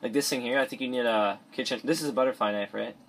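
This is a teenage boy's gameplay commentary from a bedroom, in a fast, gravelly, somewhat bright medium-pitched voice. A cheap or device mic adds slight hiss or hum as he rambles, mumbles asides and keeps restarting sentences while playing.

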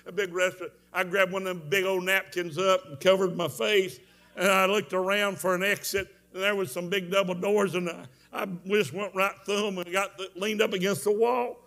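A man preaching a revival sermon, telling a story with strong emotion, moving from hushed tones to shouts. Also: sits high, little pitch movement, moderate pace. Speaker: evangelist preacher.

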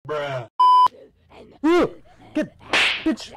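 A British man playing a VR game and commentating, excitable and joking, shouting and laughing at enemies. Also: medium pitch, normal speed, very noisy. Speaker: gaming YouTuber.

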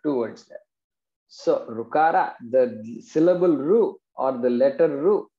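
Gravelly, mellow male teacher. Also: medium pitch. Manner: patient, explanatory, checks in with students. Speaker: Vedanta teacher. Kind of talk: explaining Sanskrit verses in class. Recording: dull, roomy classroom recording.

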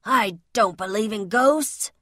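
A woman's voice: mid-range voice, slow, pushed and bright, no echo, clean studio sound. A woman voicing a blunt, scornful male burglar in a children's storybook. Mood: scoffing.

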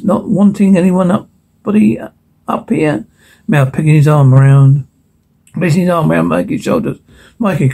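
Gravelly man reading a script haltingly. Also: sits high, dark tone. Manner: halting, stumbling over words and restarting; reads stage directions and every character in one voice. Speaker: reader of a film transcript. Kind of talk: unrehearsed reading aloud of a script.

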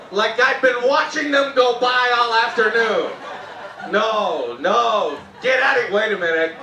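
A stand-up comedian from Canada performs live in an outdoor festival comedy tent, spinning animated tales about his wife and breaking into sudden high-pitched shouts to imitate her. He talks a little slowly, and the roomy, distant recording carries slight background noise, audience laughter and faint music.

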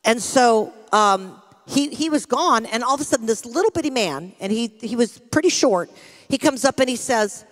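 A middle-aged American woman pastor preaching, telling a personal story with lively acted-out quotes. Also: medium pitch, moderate pace. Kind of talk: sermon with storytelling. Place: church sanctuary. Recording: long hall reverb from a church.

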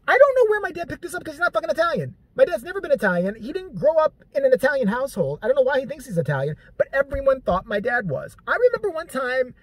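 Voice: sits high, sing-song, fast, hardly any pauses, no room sound. A vlogger telling rambling, joking, profane stories about a late father in a casual monologue.

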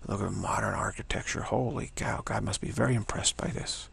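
A man's voice: lowish voice, steady tone, a little fast, creaky, a bit bright, breathy edge. A man giving a playful, rambling spiritual teaching, laughing often as he talks.

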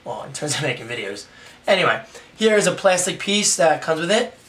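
Hoarse young male vlogger, excited and rambling, a bit high, recorded from a distance with faint noise behind. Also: fairly quick. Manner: excited, rambling, self-deprecating. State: hoarse, raspy from yelling. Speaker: tech vlogger. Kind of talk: casual unboxing vlog.

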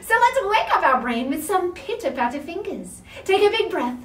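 A woman's voice: extremely high pitch, big pitch swings, moderate pace, a little hiss or hum. Sing-song Australian woman leading kids' yoga. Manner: sing-song, playful, exaggerated gasps. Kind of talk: online yoga class for toddlers. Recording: roomy, distant mic with faint ambience.

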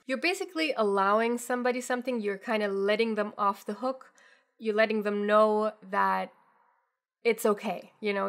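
A woman's voice: on the high side, fairly bright tone. A woman teaching a casual language lesson in English, acting out example phrases. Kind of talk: explanatory lesson, mixing English with German examples.

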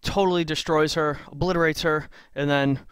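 A man's voice: a little high, fairly even intonation, normal speed, a bit bright, smooth, no echo. A man retelling a fairy tale in a chatty, playful way, full of asides, recorded on a computer mic. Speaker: storyteller. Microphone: screen recording with a computer mic.

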